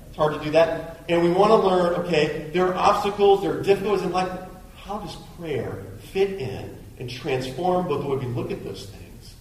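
A man's voice: a little high, slight background noise. A man preaching a sermon as pastor of a church, talking conversationally and acting out the voices in people's heads. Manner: conversational, acts out inner voices. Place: church sanctuary. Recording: very echoey hall.

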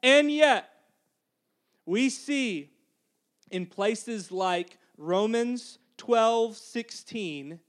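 A man's voice: high voice, animated, very slow. A male pastor preaching a sermon in a conversational way, often calling out "Amen?" to the congregation and making joking asides. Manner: conversational, calls for "Amen?" responses.

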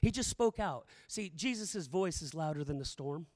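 A man's voice: fairly high pitch, lively intonation, normal speed, darkish tone, big-room sound. A middle-aged male pastor preaching a sermon, telling the story dramatically and repeating phrases for emphasis.

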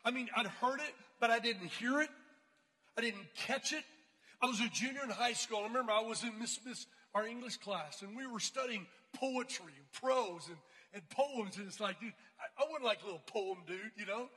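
A man preaching to a crowd of students, telling slangy, animated stories from his youth. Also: very high-pitched, normal speed, breathy edge, big-room sound. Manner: casual, slangy, animated storytelling. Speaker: youth speaker. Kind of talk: storytelling sermon.

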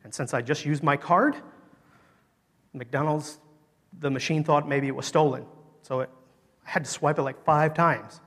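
A man preaching a sermon, telling a story with lively emphasis that swings between loud, emphatic lines and quiet, soft ones. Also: on the high side, moderate pace, pauses often. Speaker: pastor. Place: church sanctuary. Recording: long hall reverb.

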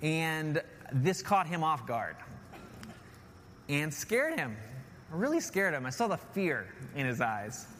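A man's voice: fairly high pitch, wildly swooping pitch, takes it slowly, long pauses, sharp tone. A man in his thirties, a pastor preaching an earnest sermon and often repeating key phrases with "right?". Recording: long hall reverb, faint noise.

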